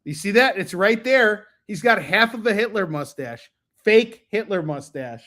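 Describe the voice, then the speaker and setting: A man's voice: sits high, lively intonation, measured pace, a bit bright. An American man hosting a live comic book sales stream, chatting casually and joking, with many ums and asides. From United States. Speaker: host and comic book seller.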